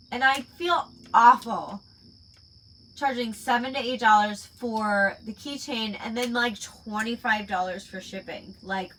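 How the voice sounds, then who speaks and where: A woman chatting casually on a late-night stream, her voice bright and clear. She takes her time, drifting through her thoughts with plenty of "like" and "um" along the way. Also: a little high, a little hiss or hum, low-quality recording. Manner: rambling, full of "like" and "um". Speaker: online shop owner hosting a live chat stream.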